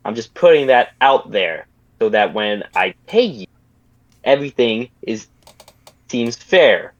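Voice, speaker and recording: Over poor audio, a man with a medium-pitched, everyday-sounding voice plays a commanding male gang boss in a tabletop game. He's stern and threatening but rambles, correcting himself as he goes.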